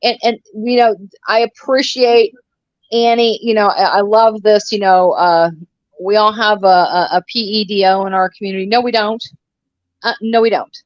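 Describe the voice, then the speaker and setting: A woman's voice: mid-range voice, fairly even intonation, normal speed, no room sound, highs cut off. Blunt, profane woman in her sixties. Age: 60s. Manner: blunt and profane, ranting with sarcasm. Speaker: co-host of a live commentary stream. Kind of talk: casual live-stream chat.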